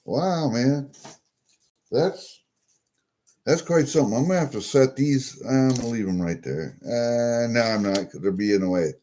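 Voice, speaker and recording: A coin collecting vlogger chats casually as he unboxes a package of coins, showing them off and muttering to himself, easily delighted. His voice sits in the mid range, warm in tone, and he talks a little slowly.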